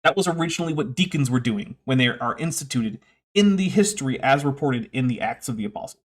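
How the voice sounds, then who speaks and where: A man's voice: mid-range voice, lively intonation, quick pace. A man hosting a livestream, giving opinionated commentary with sarcastic asides and reading out viewer comments.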